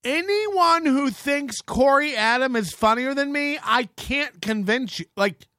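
A man's voice: extremely high pitch, animated, unhurried, pushed and bright, clear, resonant tone, no room sound, studio quality. A man hosting a livestream, ranting in a mock-serious, exaggerated way. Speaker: livestream host. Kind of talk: comic rant.

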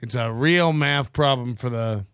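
A man's voice: mid-range voice, unhurried, fairly bright tone, clean tone, dry recording, clean studio sound. A man hosting a live stream, giving mocking, sarcastic commentary on a clip and reading chat comments aloud. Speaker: stream host reacting to clips.

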